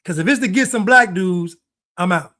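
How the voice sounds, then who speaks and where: A man streaming casual reaction commentary on video clips, animated and repetitive, jumping up in pitch for emphasis. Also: moderate pace.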